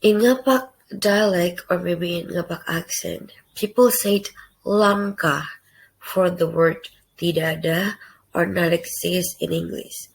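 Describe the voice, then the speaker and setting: A young woman giving a read class presentation in careful, halting short phrases. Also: lowish voice, steady tone, creaky, rough recording. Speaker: student presenter.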